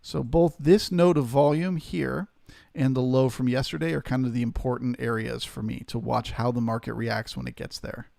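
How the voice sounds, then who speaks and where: A man's voice: mid-range voice, fairly even intonation, moderate pace, vocal fry, a little mellow, dry recording, studio quality. A man hosting a live trading stream, steadily talking through market levels and greeting viewers in chat.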